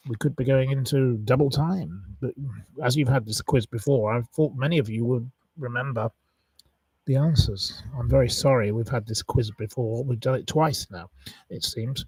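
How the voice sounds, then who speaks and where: A man's voice: medium pitch, moderate pace, darkish tone, husky, no room sound, far from the mic, poor audio. A man hosting a live quiz, chatting casually, rambling and reeling off long lists of wrong answers. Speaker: quiz host on a live stream.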